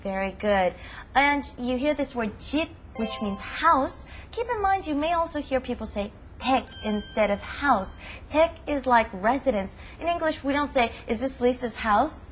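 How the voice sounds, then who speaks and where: A woman hosts a language lesson in a high, clear voice. She teaches with upbeat emphasis and slows down to drill each word. A faint hiss sits under the recording. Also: lively intonation.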